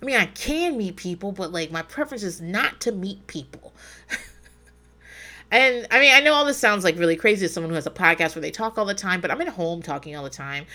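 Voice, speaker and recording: A woman chatting casually on a podcast, her pitch leaping all over the place as she tells the story. She swears freely and laughs a lot. She acts out her own inner voice as she talks. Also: lively intonation, fairly quick, bright, forceful tone. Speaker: podcast co-host. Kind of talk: casual chat.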